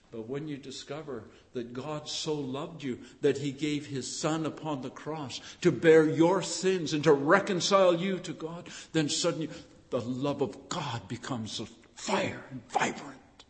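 A man preaching a sermon with fervent emphasis that builds to loud, emphatic peaks. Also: on the high side, a little slow, in a large hall.

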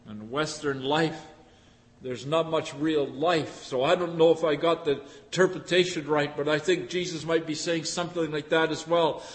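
A man with a high voice preaches in a folksy, conversational manner, tossing rhetorical questions at his listeners. His words ring out with a long hall reverb. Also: steady tone, moderate pace. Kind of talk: sermon.

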